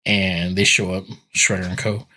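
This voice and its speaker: Podcast co-host: a man, low and husky, loose rambling recap. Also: level tone, normal speed, pushed and bright. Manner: rambling, filler-heavy retelling with acted quotes. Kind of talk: casual episode recap.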